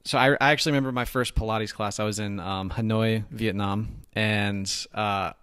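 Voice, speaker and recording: A man hosting a podcast, telling stories in a relaxed, rambling way during casual chat. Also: fairly low pitch, normal speed, clear, resonant tone, no room sound, clean studio sound. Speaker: podcast host.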